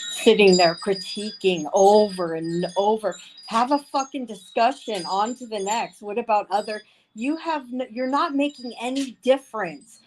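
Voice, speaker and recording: A woman streaming live, ranting angrily and swearing, repeating herself over and over. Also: medium pitch. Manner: heated, profane, repeats herself. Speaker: livestreamer. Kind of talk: angry ranting livestream. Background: faint wind chimes.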